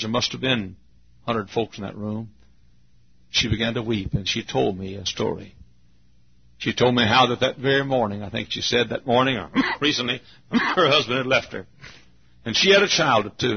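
An older preacher giving a sermon, moving from quiet storytelling to shouted emphasis, with frequent coughs. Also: male voice, medium pitch, vocal fry, husky. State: coughing often. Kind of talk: fiery sermon. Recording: muffled lo-fi sermon tape.

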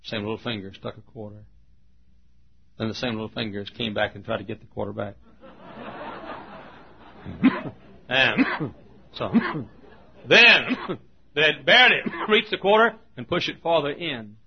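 A man's voice: mid-range voice, measured pace, creaky, pauses often, muffled recording. A man preaching a sermon, telling folksy stories with humor and poking fun at himself. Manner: folksy, humorous, self-mocking storytelling.

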